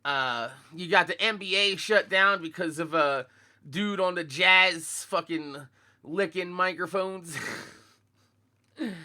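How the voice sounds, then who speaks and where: Bright-voiced young man, casual and profane. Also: sits high, slow pace. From Philadelphia, USA. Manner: laid-back, profane street slang, chatty. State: groggy morning voice. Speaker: sneaker vlogger. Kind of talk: casual chat to live viewers.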